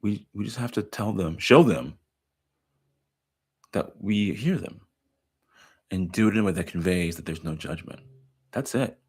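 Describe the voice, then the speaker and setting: A man's voice: on the low side, animated, unhurried, pauses often, a little mellow, breathy edge. A man, a therapist, giving emphatic commentary on a therapy film clip. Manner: emphatic, explanatory. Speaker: therapist and educator.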